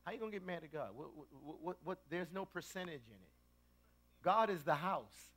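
A middle-aged man preaching a sermon, telling stories with animated swings and shouting at the peaks. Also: on the high side, a little fast.

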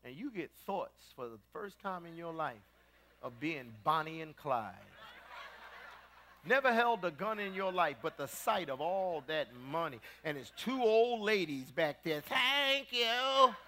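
A middle-aged man preaching a sermon, telling stories with animated swings and shouting at the peaks. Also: a little high, unhurried, a little hiss or hum.

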